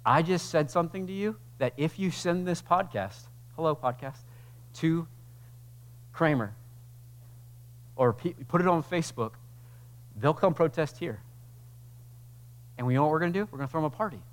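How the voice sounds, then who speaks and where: A man's voice: fairly high pitch, expressive. Man preaching with rising passion. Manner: conversational preaching that swells into loud, slow emphatic passages. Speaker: pastor. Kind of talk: sermon. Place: church sanctuary.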